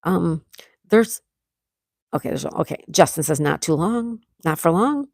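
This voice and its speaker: Woman, casual livestream host, lowish voice, reads chat aloud, dry home recording. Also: animated, unhurried, gravelly, darkish tone, no echo. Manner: chatty, reads viewer comments aloud and greets each by name. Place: indoors at home.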